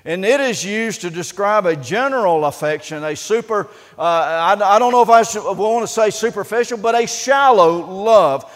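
A pastor delivers a sermon earnestly but haltingly, frequently stopping on "uh" and starting his sentences over. His voice is high, and it carries the sound of a big room.

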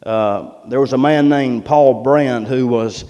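A man's voice: medium pitch, takes it slowly, dark tone, big-room sound. A middle-aged man, preaching a sermon in a folksy, plain-spoken way. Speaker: pastor.

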